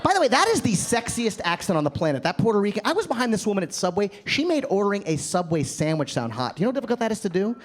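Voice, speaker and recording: A man in his thirties from the American South, doing an animated stand-up comedy set on a club stage into a handheld mic. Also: sits high, very fast, hardly any pauses. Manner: animated, jokey, acts out characters. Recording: live club with crowd noise.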